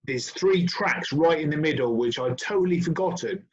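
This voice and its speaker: Man interviewer, slightly high voice, lo-fi. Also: normal speed. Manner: enthusiastic, brief agreeing interjections. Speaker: guest interviewer. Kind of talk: casual interview.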